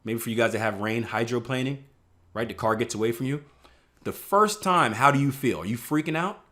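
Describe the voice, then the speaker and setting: A man's voice: mid-range voice, fairly quick, bright, forceful tone. A man from the Northeast US teaching a live online trading class in a conversational way, often checking in with "right?" and acting out panicked traders. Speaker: trading instructor.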